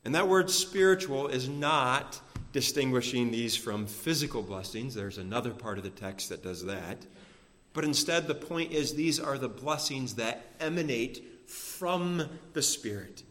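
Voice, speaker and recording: A man preaching a sermon to his congregation, measured and emphatic, slowing down to stress key phrases. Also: medium pitch, animated, fairly bright tone. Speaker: pastor. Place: church sanctuary. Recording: long reverb of a church hall.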